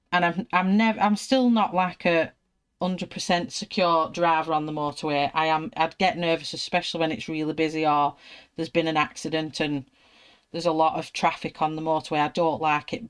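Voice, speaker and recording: A British woman chatting casually and telling lively anecdotes while she colours an illustration. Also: low voice, smooth. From United Kingdom. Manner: chatty, animated anecdotes, acts out her own panicked voice. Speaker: art channel host.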